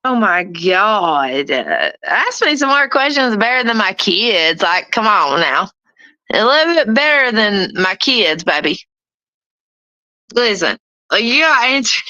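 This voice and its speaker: A woman's voice: a little high, big pitch swings, measured pace, bright, forceful tone, no echo, muffled recording. A woman hosting a casual livestream, taunting and cursing at people in her chat. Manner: taunting, profane, laughing at chat. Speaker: livestream host.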